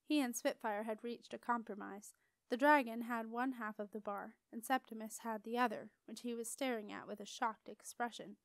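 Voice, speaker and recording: Woman, storybook narration, expressive, lively, higher pitch, dry recording. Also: moderate pace, vocal fry, no echo. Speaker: audiobook reader.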